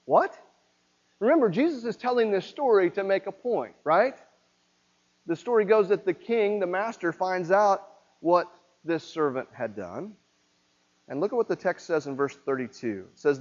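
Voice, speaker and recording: A man preaching a sermon with a high voice. He talks to the congregation in a relaxed, conversational way and keeps checking in with rhetorical questions. The recording sounds a little muffled. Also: moderate pace. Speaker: pastor.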